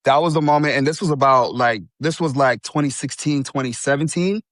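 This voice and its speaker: A man in his thirties talks loosely as an interview guest, dropping "bro" and "you know" as he goes. His voice sits at a middle pitch, and the recording is close and dry. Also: a little fast, no echo. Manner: relaxed, laughs easily, says bro and you know. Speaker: interview guest, bodybuilding champion. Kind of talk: casual interview chat.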